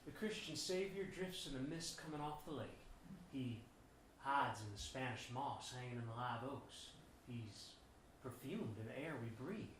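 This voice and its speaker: A man's voice: medium pitch, lively intonation, moderate pace, a bit bright, a little hiss or hum, close to an everyday voice. A man playing a sardonic Southern big brother. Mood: grandiloquent. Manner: ornate, sardonic. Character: wry Southern older brother, florid talker. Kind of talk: stage play acting. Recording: echoey theater hall.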